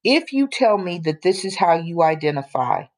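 Blunt lady cohost, kinda low voice, hammers her points slow. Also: sing-song, darkish tone. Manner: emphatic, blunt, drops into slow deliberate points. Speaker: co-host. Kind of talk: casual opinion chat.

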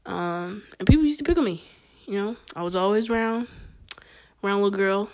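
A woman's voice: medium pitch, lively intonation, normal speed, a little mellow. A young adult woman in a casual chat, who rambles, hesitates and leans on fillers as she tells her own stories and asks questions. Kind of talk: casual conversation.

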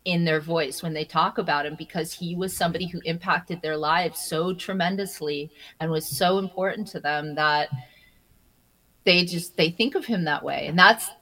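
A woman with a slightly low voice speaks as an interview guest in relaxed conversation. She tells stories with energy, laughs easily and often stumbles over her opening words. Her delivery is lively and personal. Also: moderate pace, rough recording. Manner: animated storyteller, repeats words when starting, laughs often.

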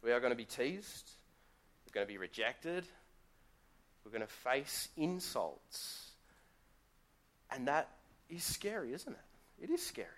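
Man giving a relaxed sermon. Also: medium pitch, measured pace, pauses often. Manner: conversational storytelling with rhetorical questions. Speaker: guest pastor. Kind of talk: live sermon. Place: church.

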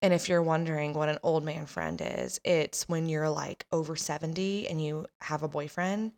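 A chatty woman in her thirties hosts a podcast and tells a story about her family. She laughs often and acts out the voices of the people in it. Her voice sits a little on the low side. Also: animated, moderate pace, a little mellow. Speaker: podcast host telling a story. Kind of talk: casual storytelling.

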